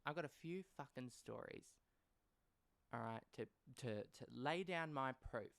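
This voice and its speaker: Speaking unhurriedly in a creaky, medium-pitched voice with a fairly bright tone, a young man hosts a laid-back storytelling podcast, recorded without echo. He curses freely and talks bluntly, rambling wryly into side comments.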